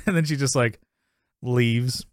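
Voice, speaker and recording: A man's voice: mid-range voice, slow pace, no echo. A man co-hosting a podcast in casual chat, rambling through a sitcom episode recap, laughing often and acting out the characters' lines. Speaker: podcast co-host.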